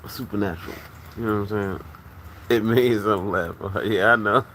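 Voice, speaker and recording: A man hosting a loose livestream, talking loudly to his viewers and laughing often. He is a little drunk. His voice is bright and sharp-edged. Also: fairly low pitch, moderate pace, slight background noise. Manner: loud, rowdy, laughs often, shouts catchphrases. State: slightly drunk. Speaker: livestream host. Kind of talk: casual livestream chat.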